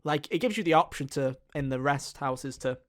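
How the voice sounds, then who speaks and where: A man in loose gaming-podcast banter, his voice sitting a touch high for a man. He rambles from one thought to the next, peppering it all with swearing and "um"s. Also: lively intonation, normal speed, a bit bright. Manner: rambling, profane, lots of fillers. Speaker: podcast co-host. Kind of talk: casual gaming chat.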